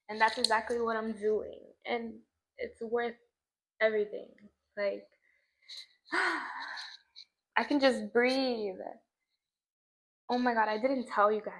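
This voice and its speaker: In a poorly recorded clip, a young woman vlogger talks to a camera in front of her outdoors at sunset by a scenic view. Her voice is on the high side and fairly bright. She offers a reflective, emotional, casual spiritual monologue, saying "like" a lot.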